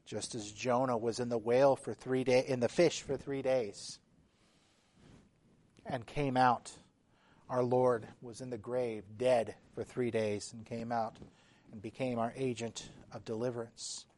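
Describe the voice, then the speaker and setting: A man preaching a sermon in a measured, emphatic way, his intensity rising and falling. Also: mid-range voice, fairly even intonation, a little mellow.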